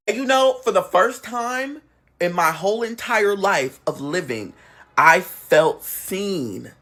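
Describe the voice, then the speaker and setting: A man telling a family story in a casual storytime chat, acting out what relatives said with big jumps in pitch. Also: animated, measured pace, fairly bright tone. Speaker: guest storyteller.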